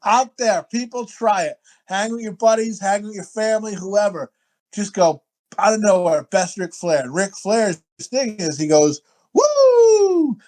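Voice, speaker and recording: Rowdy, profane podcast co-host. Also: male voice, high voice, normal speed, a little mellow. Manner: rowdy, profane, laughs a lot, mimics movie lines over the top. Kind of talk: casual crude chat.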